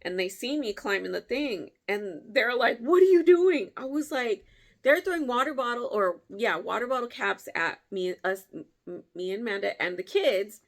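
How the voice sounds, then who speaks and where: A woman vlogger telling a story in a casual way, animated, laughing often and jumping her voice up to act out what people said. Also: moderate pace. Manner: animated, acts out quotes with big pitch jumps.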